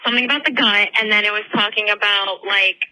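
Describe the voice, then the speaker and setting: A woman's voice: medium pitch, fairly even intonation, fast talker, sharp tone, poor audio. A woman hosting a podcast, telling a story in casual chat, full of swearing and fillers, on a headphone microphone. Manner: swears constantly, rambling with many fillers. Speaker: podcast host.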